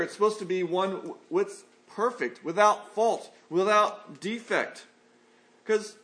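A man's voice: high voice, fairly bright tone. A man preaching a sermon, reading scripture aloud and then explaining it in a folksy, conversational way.

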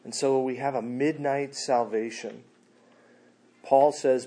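A man preaching a sermon in a loose, slangy way, swinging between quiet asides and loud, animated bursts. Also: medium pitch, slow, pauses often.

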